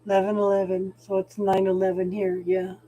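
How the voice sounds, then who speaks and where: A woman's voice: medium pitch, completely flat delivery, a little fast, mellow. A middle-aged woman hosting a spiritual channel, chatting casually on a livestream and talking to viewers by name.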